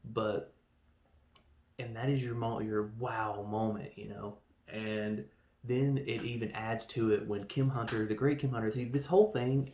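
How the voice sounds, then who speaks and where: A man hosting a casual film review, excitable and rambling, acting out scenes in quick voices. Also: fairly low pitch, echoey room. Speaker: podcast host reviewing a film.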